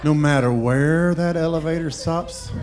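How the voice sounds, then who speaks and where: A man's voice: on the high side, unhurried, over loud music. A middle-aged man doing stand-up comedy, chatting playfully and quizzing the audience. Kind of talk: stand-up comedy with crowd work.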